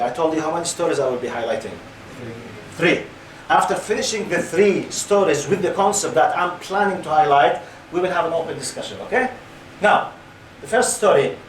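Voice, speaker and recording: A man's voice: sits high, slight background noise. A man in his fifties giving an Islamic lecture to young listeners, often putting questions to the audience. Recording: roomy hall, mic at a distance.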